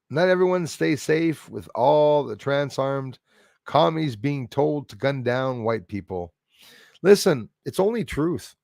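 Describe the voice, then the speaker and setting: A man with a French Canadian accent chats loosely on a livestream, reading out viewer comments and drifting between thoughts. He chuckles often, and his voice jumps suddenly from mutters to loud bursts. His voice sits at an ordinary middle pitch, recorded close and dry with no room sound. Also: creaky, dry recording. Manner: rambling, chuckling, jumps loudly between topics. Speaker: livestream host.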